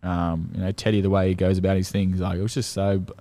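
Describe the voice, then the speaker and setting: A man's voice: low voice, level tone, fast talker, warm tone. A young Australian man in his twenties, a guest athlete telling stories in casual, slangy chat full of swearing and fillers. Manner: laid-back, slangy, swears freely, many fillers.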